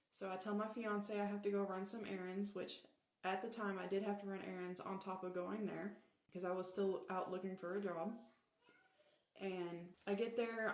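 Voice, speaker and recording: Flat-voiced woman telling her own story. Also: medium pitch. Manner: matter-of-fact retelling with quoted dialogue. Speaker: former corrections officer telling her story. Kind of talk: first-person storytelling.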